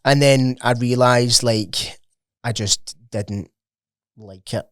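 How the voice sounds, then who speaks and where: A man's voice: mid-range voice, slow pace, dry recording. Scottish guy, young adult, rambling podcast guest, sweary and full of fillers, dry close mic. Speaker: podcast guest, gym owner. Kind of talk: casual chat.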